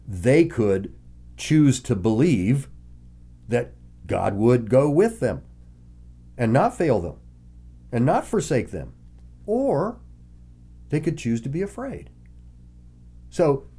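A man preaching a Bible lesson, reading scripture aloud and explaining it in a conversational, animated way. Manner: animated, voices the characters with sudden pitch jumps. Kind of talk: Bible teaching sermon.

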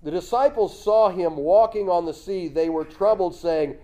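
A man preaching a sermon, telling the story lively, acting out voices and chuckling often. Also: high-pitched, moderate pace. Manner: lively storytelling, acts out voices with loud jumps.

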